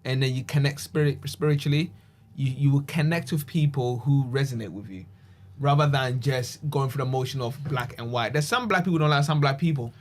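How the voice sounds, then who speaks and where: A man speaking in a casual group discussion, calm and reflective. His voice sits at an ordinary middle pitch, and he explains his points in steady, measured phrases.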